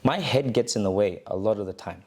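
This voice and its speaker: A man's voice: fairly low pitch, fast, darkish tone. A man telling the story of his fight camp in a casual podcast chat, acting out quotes from the people around him. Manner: retells with acted quotes and laughs.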